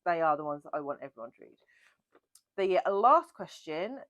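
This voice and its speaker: Low, bright-voiced woman chatting. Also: sing-song, measured pace. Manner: chatty, rambling, self-mocking. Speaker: book channel host. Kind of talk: casual Q&A chat.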